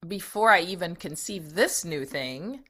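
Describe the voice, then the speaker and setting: A woman's voice: lowish voice, unhurried. A middle-aged woman, a guest in an interview, telling a story with lots of laughter and acted-out thoughts. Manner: lively, laughs often, acts out her own thoughts. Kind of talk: animated storytelling.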